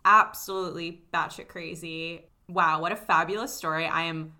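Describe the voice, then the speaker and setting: Bright-voiced podcast host woman. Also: lowish voice, moderate pace. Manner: enthusiastic, expressive reactions. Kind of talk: casual podcast chat.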